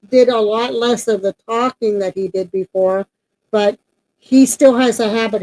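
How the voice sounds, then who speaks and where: A woman talks in a loose, rambling way, full of ums and restarts. Her voice is mellow and dark, set at an ordinary pitch for a woman. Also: low-quality recording. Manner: chatty, rambling with many fillers. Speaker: paranormal team member and co-host. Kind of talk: casual announcement chat.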